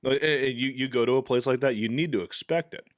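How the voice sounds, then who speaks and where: A man's voice: mid-range voice, fast talker, no echo, studio quality. A young man hosting a casual fishing podcast, telling a story candidly, swearing freely and laughing often. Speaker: podcast host.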